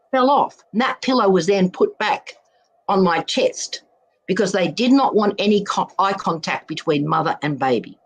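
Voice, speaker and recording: A woman in her seventies from Australia, an interview guest giving an emphatic, emotional personal testimony, repeating words for force. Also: on the low side. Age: 70s.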